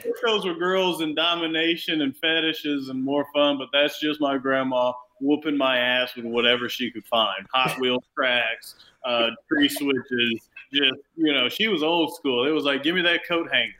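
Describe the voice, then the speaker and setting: Bright-voiced man swearing through a story. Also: mid-range voice, unhurried, hardly any pauses, rough recording. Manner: animated, swears a lot, acts out quoted people. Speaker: comedian turned software salesman. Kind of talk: profane casual storytelling.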